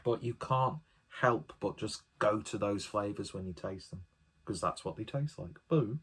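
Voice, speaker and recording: A man's voice: lowish voice, unhurried, a bit bright, husky. A man giving a casual solo beer review, chatty and enthusiastic, often rambling off on tangents.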